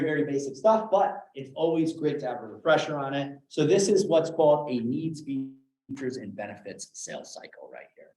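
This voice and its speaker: Animated man coaching in an echoey room. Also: a little high. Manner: animated, demonstrates tones with acted quotes. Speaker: sales trainer for realtors. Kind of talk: live training session.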